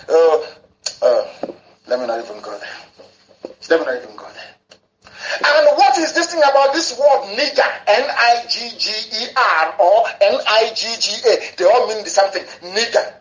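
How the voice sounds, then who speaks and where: A man's voice: high voice, a bit bright, reverberant, poor audio. A man broadcasting an impassioned political talk on the radio, fervent, and he spells words out letter by letter.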